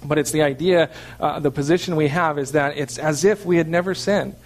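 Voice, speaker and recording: A man's voice: on the high side, fairly quick. A man preaching a sermon, explaining scripture in an earnest teaching manner and checking in with his listeners. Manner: earnest teaching with frequent "okay" check-ins. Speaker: pastor.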